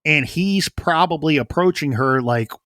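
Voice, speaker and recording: A man's voice: on the high side, a little slow, a bit bright, no echo, studio quality. A man co-hosting a true crime podcast, talking through a case in an earnest way and often repeating words as he thinks aloud. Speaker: podcast co-host.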